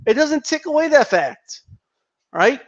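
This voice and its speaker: A man's voice: extremely high pitch, big pitch swings, measured pace, dull audio. A man giving heated, profane boxing commentary, restarting his sentences often as he rants. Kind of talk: ranting commentary vlog.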